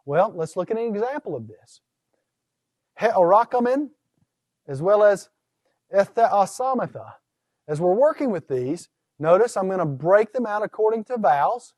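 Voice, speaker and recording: A man teaching Greek pronunciation in a recorded lecture, methodically laying out rules and slowly sounding words out syllable by syllable. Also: sits high, big pitch swings, darkish tone, dry recording. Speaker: Greek instructor.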